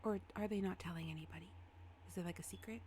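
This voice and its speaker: A woman voicing a shy, curious young female student who speaks in a hushed, tentative way. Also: fairly low pitch, fast talker, a little hiss or hum, close to an everyday voice.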